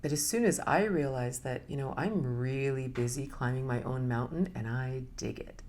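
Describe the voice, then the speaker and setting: A middle-aged woman giving a casual spoken talk as a spiritual teacher, animated and often laughing as she acts out inner voices. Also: rumbling low, moderate pace, a little hiss or hum.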